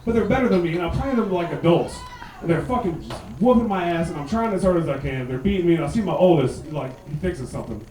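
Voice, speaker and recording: A man in his thirties performing a profane stand-up set, loud and punchy, slipping into mocking put-on voices. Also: on the high side, expressive, fast, a little hiss or hum. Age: 30s. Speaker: stand-up comedian. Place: comedy club stage. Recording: echoey club, mic heard from a distance, laughing crowd.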